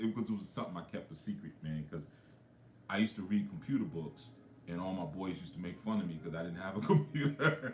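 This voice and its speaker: A low-pitched man tells stories to his livestream viewers. He speaks conversationally and keeps dropping in frequent asides. His voice echoes around a roomy space, with faint ambience underneath. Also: lively intonation, a little fast, slight background noise. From New York. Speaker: spiritual coach. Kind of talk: livestream talk.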